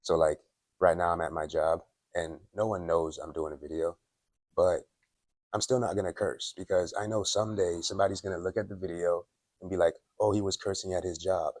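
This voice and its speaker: A man from Dominica in his late twenties or thirties, talking through a casual motivational monologue for his vlog. He is candid and opinionated, fills his talk with "like", and clears his throat often. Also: sits low, fairly even intonation, brisk, darkish tone, no room sound, clean studio sound. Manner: candid, opinionated, filler-heavy with frequent "like". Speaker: self-improvement vlogger. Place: at his workplace.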